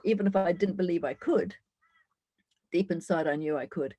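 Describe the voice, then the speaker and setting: Candid woman in her sixties, mellow voice. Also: fairly low pitch, normal speed, husky, no echo, dull audio. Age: 60s. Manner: candid, reflective storytelling with frequent fillers. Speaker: summit speaker. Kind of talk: personal life story talk.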